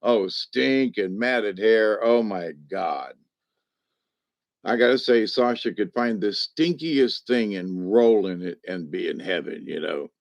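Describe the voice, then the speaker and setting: A man with a lowish voice tells a long personal story, drifting from one thought to the next in a folksy, loose way with homespun slang. The recording is dull and lo-fi, and very dry with no room sound. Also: takes it slowly, gravelly, dry recording. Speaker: vlogger telling a personal story. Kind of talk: casual rambling storytelling.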